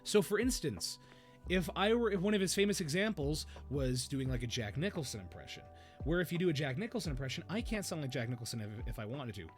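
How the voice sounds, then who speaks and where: A man hosting a casual chat about voice acting, animated, dropping into character voices and laughing often. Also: fairly high pitch, fast talker, soft background music. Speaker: podcast host.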